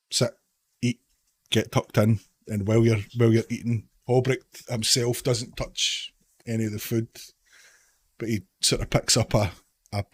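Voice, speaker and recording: A man's voice: lowish voice, slightly rough, no echo. A man narrating a tabletop game as game master in a casual, rambling way, full of fillers.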